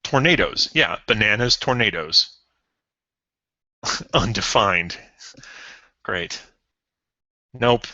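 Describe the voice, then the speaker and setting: Man thinking aloud while coding, slow. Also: lowish voice, lively intonation, pushed and bright, no echo. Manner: thinks aloud with many ums and self-corrections; chuckles at odd results. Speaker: programmer streaming a coding session. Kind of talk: live coding walkthrough. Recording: dull lo-fi stream audio.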